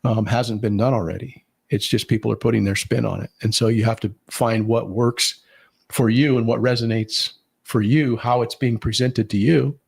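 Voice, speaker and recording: A man's voice: medium pitch, steady tone, normal speed, creaky, a little mellow, husky. A man co-hosting a podcast, telling rambling stories with many fillers in casual chat. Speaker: podcast co-host.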